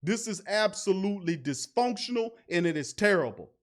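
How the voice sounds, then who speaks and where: A man's voice: high-pitched, expressive, moderate pace. Heated ranting sports-fan host, man. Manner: heated, ranting with rhetorical questions and mocking laughter; casual, slangy street talk. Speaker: sports talk show host. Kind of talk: fan sports commentary rant.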